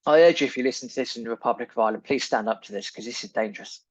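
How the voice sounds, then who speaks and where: A man's voice: medium pitch, very fast, no room sound, muffled recording. A man hosting a podcast, delivering an indignant, emphatic opinion monologue full of repeated phrases. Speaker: podcast host.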